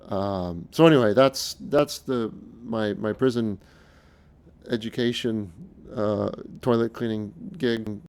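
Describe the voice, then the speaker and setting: An earnest middle-aged man speaking off the cuff in a lowish, gravelly voice. He talks in a halting way, circling back and restarting his phrases as he goes. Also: darkish tone. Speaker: speaker recounting his experiences. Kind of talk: casual unscripted monologue.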